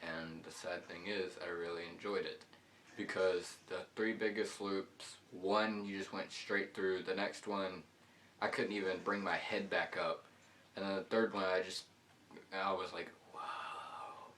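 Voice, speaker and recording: A man with a deep, low voice tells a rambling story while he plays. He talks casually and loosely, full of fillers, as he comments on the match. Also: level tone, a little slow, fairly bright tone, slight background noise. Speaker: gaming channel host.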